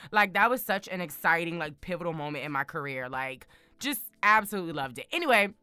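A young woman chatting casually to her viewers, bold and excitable, repeating words for emphasis. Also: fairly low pitch, fast, smooth, no room sound, soft background music. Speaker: vlogger.

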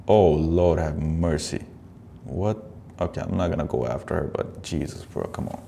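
A man with a very low, gravelly voice riffs profanely through clips and cuts in with mocking asides. He talks casually like a podcast host, with a faint hiss behind him. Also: normal speed, dark tone.

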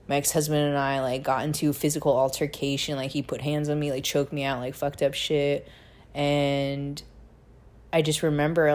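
Low-pitched young woman host, blunt and profane, casual storytelling full of filler words. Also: a little mellow. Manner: blunt and profane, heavy use of "like". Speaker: podcast host telling her life story.

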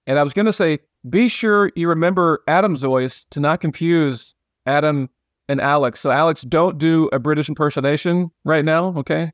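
A man's voice: a little high, moderate pace, no echo, studio quality. A man hosting a podcast, joking and rambling with frequent restarts in casual chat. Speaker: podcast host.

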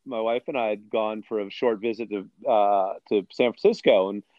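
A man's voice: on the low side, fairly even intonation, moderate pace, no echo, dull audio. A man in a casual conversation, speaking earnestly and telling stories with enthusiasm.

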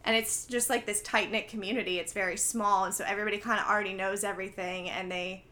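A young woman talks fast in a medium-pitched voice while co-hosting a podcast. In a casual, animated chat, she recounts a film scene after scene, playing out the characters' lines as she goes.

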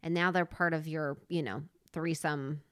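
A woman's voice: deep voice, steady tone, normal speed, clean tone, no echo, clean studio sound. A woman co-hosting a casual movie podcast, joking and rambling through a plot retelling. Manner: playful, giggly, rambling retelling. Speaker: podcast co-host. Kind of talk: casual movie-review chat.

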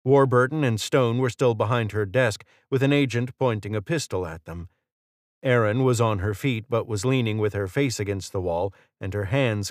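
A male narrator reading fiction in a steady, measured way. His voice sits low. The recording is dry with no room sound. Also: no room sound. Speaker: audiobook narrator. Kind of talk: scripted narration.

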